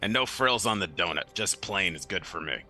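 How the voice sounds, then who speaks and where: Bright-voiced laid-back male player. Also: sits low, lively intonation, brisk, soft background music. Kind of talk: casual tabletop game chat.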